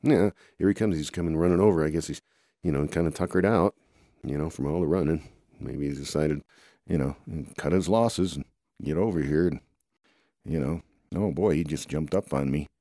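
A man with a very deep, dark and mellow voice tells an improvised playful story. He rambles in a loose, chatty way, with plenty of groans and "oh boy" asides. The sound is dry and close. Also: normal speed, no echo. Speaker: storyteller voicing toy characters.

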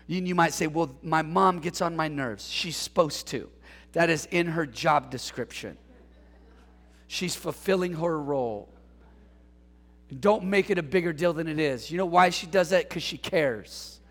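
A man preaching a lively sermon in a church, calling on the congregation to respond and mixing in jokes. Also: on the high side, a little slow, in a large hall. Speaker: pastor. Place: church sanctuary.

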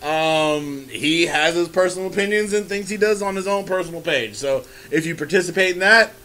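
Young guy from the bay, high bright voice, loud and jokey, cussing a lot on a podcast. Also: moderate pace. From San Francisco Bay Area. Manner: loud, joking, acts out people in bits. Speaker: podcast co-host. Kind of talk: casual profane chat.

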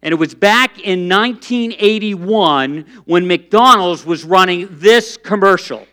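Middle-aged male pastor, high bright voice, lively storytelling sermon. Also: unhurried. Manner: lively storytelling, frequent restarts and fillers.

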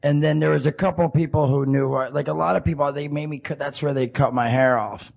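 A young man in casual conversation, speaking haltingly with frequent restarts. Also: a little high, fairly even intonation, gravelly, a little mellow. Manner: halting, restarts, laughs easily. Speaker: guest.

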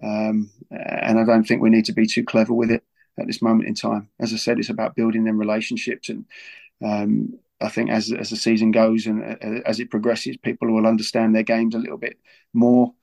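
A man's voice: fairly low pitch, monotone, fairly quick, gravelly, a little mellow. A man talking earnestly about his football club, often repeating words as he goes. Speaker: football club figure as guest. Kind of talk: casual podcast talk.

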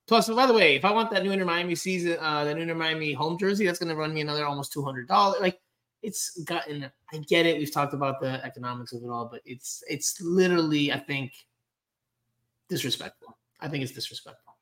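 A man co-hosting a sports podcast in casual chat, animated and joking, acting out quotes from other people. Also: a little high, a little fast. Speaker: podcast co-host.

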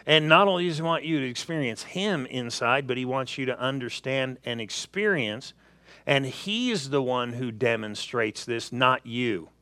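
A man's voice: medium pitch, moderate pace, dry recording. A man preaching a sermon, telling everyday stories and acting out little asides to make his points. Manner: animated storytelling with acted asides.

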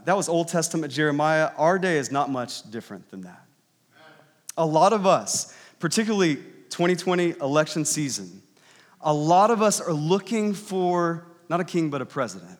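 A man preaching as a pastor, telling a story in a conversational way and building to emphatic passages. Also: high-pitched. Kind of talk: sermon. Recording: long hall reverb.

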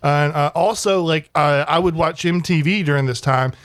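Halting man in dry podcast chat. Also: on the high side, no room sound. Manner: halting, searching for words. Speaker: podcast co-host. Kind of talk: casual chat.

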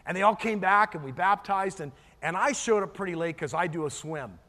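A man's voice: high-pitched, lively intonation, a little fast, pushed and bright, in a large hall. A middle-aged man preaching a sermon as pastor, earnest and storytelling, often restarting and repeating words.

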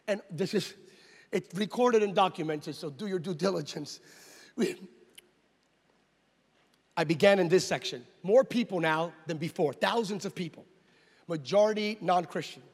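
An American pastor tells a dramatic story from the pulpit, acting out scenes and shouting out the exclamations. His voice sits high and swings widely in pitch. The sound rings with a long reverb from a large hall. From United States. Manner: animated, acts out scenes and voices, loud exclamations. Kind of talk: storytelling sermon.

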